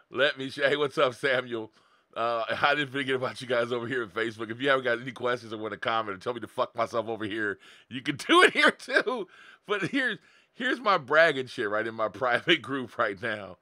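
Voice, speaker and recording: Blunt, profane man with a lively, bright voice. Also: medium pitch, fairly quick, no room sound, studio quality. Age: 40s. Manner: profane, blunt, laughing often. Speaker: online marketing coach. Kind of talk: live-streamed motivational talk.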